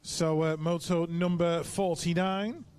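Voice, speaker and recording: At an outdoor race track, a race announcer calls live events in a slightly high, clear, resonant voice with a steady, darkish tone. He's brisk, reeling off rider names and tossing in chatty asides between calls.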